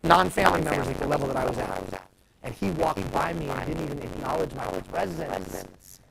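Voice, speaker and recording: A man giving a live motivational talk, telling stories in an animated way and putting questions to the audience. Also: fairly high pitch, fairly quick, vocal fry, heavy background noise. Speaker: motivational speaker. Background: crowd.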